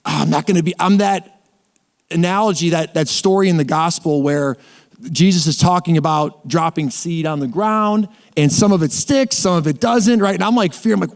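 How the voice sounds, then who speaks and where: A man's voice: a little high, normal speed, vocal fry. A man giving a casual faith testimony as a guest, rambling and restarting often, and speeding up in bursts. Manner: rambling storyteller with many restarts.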